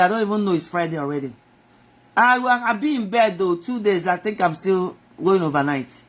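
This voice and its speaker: A middle-aged woman, giving an impassioned inspirational talk on a live stream, speaking straight to God and to her audience. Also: fairly high pitch. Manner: impassioned, swinging between soft and loud; rhetorical, talks to God and the audience.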